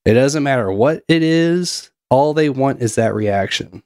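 A man's voice: mid-range voice, lively intonation, unhurried, darkish tone, no room sound, studio quality. A man hosting a casual podcast, reading out chat messages and joking around. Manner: laughs often, loose and joking. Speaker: podcast host.

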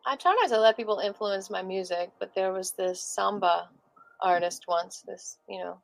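A woman musician in a casual interview, chatty and animated, with lots of fillers. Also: medium pitch, moderate pace, vocal fry, no echo, faint music behind, low-quality recording. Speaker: musician guest.

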